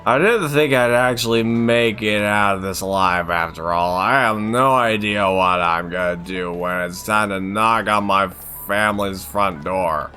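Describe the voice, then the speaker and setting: A man's voice: on the low side, a little slow, few pauses, sharp tone, faint music behind. A man voicing a tipsy, war-weary soldier from a video game in a slurred drunk voice. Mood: wistful.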